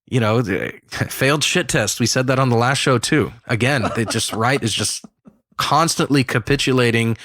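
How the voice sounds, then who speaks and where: A man co-hosting a casual political podcast, talking emphatically with quick asides and restarts. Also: mid-range voice, a bit bright, dry recording, clean studio sound. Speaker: podcast co-host.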